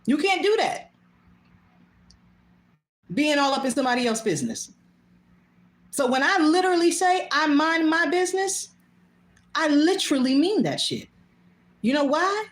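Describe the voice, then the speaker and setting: A woman's voice: high voice, animated, moderate pace, pauses often. A woman hosting her own show, talking bluntly and casually, swearing freely and laughing often. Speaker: host. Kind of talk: casual monologue. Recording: echoey room.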